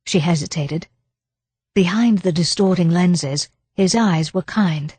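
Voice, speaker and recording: Woman reading a mystery audiobook, lowish husky voice, dry close mic. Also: no room sound. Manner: measured, expressive reading of a period mystery. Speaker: audiobook narrator. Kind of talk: scripted narration.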